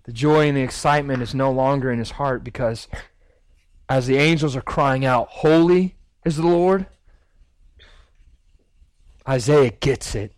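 A man's voice: medium pitch, steady tone, normal speed, no echo, rough recording. A male guest preacher giving a sermon, telling a story vividly and acting out the scenes.

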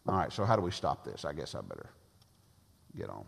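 Husky preacher in a reverberant hall. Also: male voice, extremely low pitch, huge pitch swings, brisk. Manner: emphatic, repeats phrases for effect. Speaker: pastor. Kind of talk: sermon. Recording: long reverb of a large hall.

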